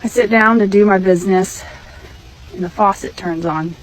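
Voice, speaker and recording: A woman from Missouri telling a personal testimony in an emphatic, animated way. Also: mid-range voice, moderate pace, faint music behind, rough recording. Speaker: storyteller sharing a testimony.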